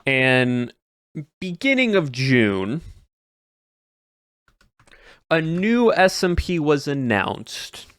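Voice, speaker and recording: A man's voice: fairly high pitch, sing-song, very slow, long pauses, a bit bright, smooth, no room sound, studio quality. A male streamer chatting casually to his chat as he recaps the year, rambling and repeating words. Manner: rambling, repeats words, trails off mid-sentence.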